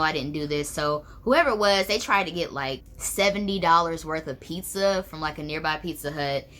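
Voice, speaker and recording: A woman's voice: low-pitched, pushed and bright. A young woman telling a personal story to camera, chatty and full of "like" and "um". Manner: chatty, many fillers like "like" and "um". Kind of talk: casual storytelling.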